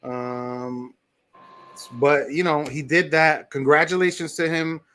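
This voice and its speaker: A relaxed man, co-hosting a casual podcast. He talks in an easygoing, joking way and drifts between topics at a loose, unhurried pace. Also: on the high side. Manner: laid-back, joking, reads a closing quote. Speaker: podcast co-host. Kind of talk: casual chat.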